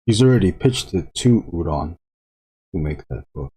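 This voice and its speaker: A man chatting casually to viewers while drawing on a live stream, rambling with frequent halting restarts. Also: sits low, lively intonation, mellow, husky.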